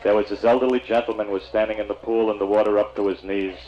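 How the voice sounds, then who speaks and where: A man's voice: fairly low pitch, steady tone, fast talker, dull audio. A man doing a stand-up routine, chatting with the audience in a confiding storyteller's manner. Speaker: comedian and emcee.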